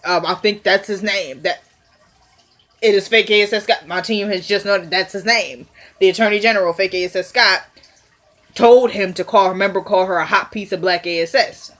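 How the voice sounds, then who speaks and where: A woman's voice: medium pitch, fairly even intonation, normal speed, fairly bright tone. Woman, casual recap vlog, sniffly, chatty, acts out lines, talks to camera. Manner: chatty, laughs often, acts out quotes. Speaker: TV episode recapper.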